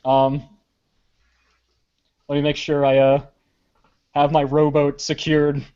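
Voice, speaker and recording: A man voicing his adventurer character in a tabletop game, smoothly bluffing as a late ship pilot, on a muffled lo-fi recording. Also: on the high side, completely flat delivery, slow, darkish tone, voice pushed up.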